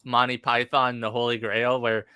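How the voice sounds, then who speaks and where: A man's voice: medium pitch, little pitch movement, normal speed, pushed and bright, clean tone, dry recording, clean studio sound. A man chatting on a live stream, retelling scenes animatedly with many fillers. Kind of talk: casual chat about comics.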